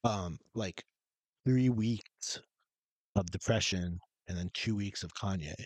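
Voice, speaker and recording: A young man co-hosting a casual podcast, blunt and swearing, often trailing off quietly. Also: fairly low pitch, slow pace, no echo. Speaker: podcast co-host. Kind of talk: casual chat.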